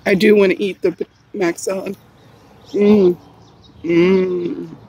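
A woman's voice: on the low side, flat delivery, slow, mellow, slight background noise, rough recording. A middle-aged woman, chatting casually while eating on camera, giggling often and rambling. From Hawaii. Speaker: vlogger. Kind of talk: casual mukbang vlog. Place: home, then in a car.

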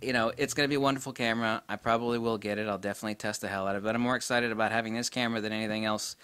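A middle-aged man giving a casual spoken camera review, blunt and excitable, with mild swearing. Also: fairly low pitch, rapid-fire, smooth, dry recording.

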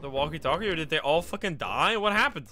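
Male streamer, excitable running game commentary, a bit high-pitched, noisy capture. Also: fast talker. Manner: excitable, swears and laughs often. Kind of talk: casual live gameplay commentary.

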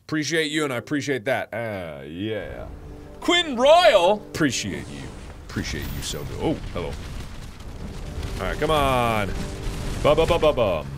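A man streaming a game live, joking and yelling at enemies, then dropping to low mutters. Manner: excitable, jokey, yells at enemies then mutters.

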